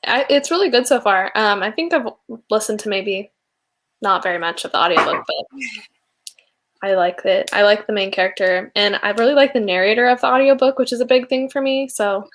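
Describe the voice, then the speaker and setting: A woman's voice: medium pitch, brisk, fairly bright tone. A young woman guest in a casual book chat on a video call, easygoing and a little hesitant. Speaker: guest in a reading stream.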